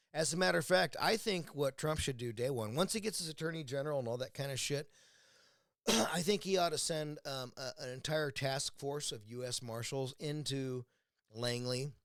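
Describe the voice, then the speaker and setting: Mid-range and fairly bright, the voice of this American vlogger comes through clean studio sound with no room noise at normal speed. Drinking a beer at home, he bluntly rants about politics, angry and swearing nonstop.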